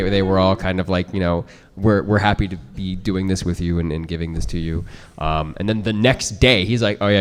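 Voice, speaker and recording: A young man tells a lively story on a convention stage, his voice sitting a little low. Long reverb from the hall trails behind each phrase. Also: smooth. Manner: animated anecdote telling with impressions. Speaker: voice actor panelist.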